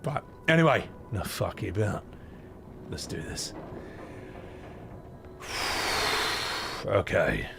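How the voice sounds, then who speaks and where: A man chatting casually on a live stream, with a voice that swings up and down in lively fashion. He jokes, swears freely and slips into soft baby talk, with faint music in the background. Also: low voice, slow pace, vocal fry, long pauses. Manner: playful, swearing, baby talk to his cat.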